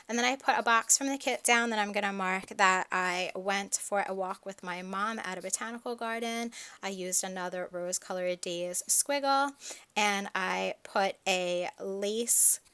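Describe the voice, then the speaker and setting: A woman's voice: mid-range voice, pushed and bright, clear, resonant tone. A young woman narrating her planner video in a chatty, enthusiastic, rambling voice-over. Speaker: planner vlogger.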